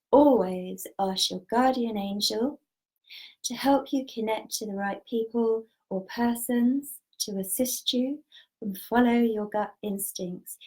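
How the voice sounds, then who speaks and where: A woman speaks as a spiritual teacher in a calm, measured, earnest way. Her pitch sits in an ordinary middle range for a woman. She tells personal stories and gives gentle guidance. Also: poor audio. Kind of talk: spiritual storytelling talk.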